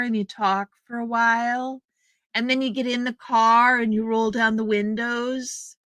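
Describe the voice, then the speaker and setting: A woman hosting a live stream takes her time, greeting each viewer by name in a chatty, welcoming way. Her voice is bright, smooth and a little high. The sound is dry and close, with no room in it. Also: dry recording. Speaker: livestream host. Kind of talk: casual chat reading out viewer comments. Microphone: streaming setup microphone.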